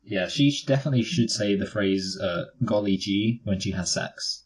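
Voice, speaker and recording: A man's voice: lowish voice, fairly quick, breathy edge, rough recording. A man co-hosting a casual film review chat, joking and breaking into impressions. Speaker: podcast co-host.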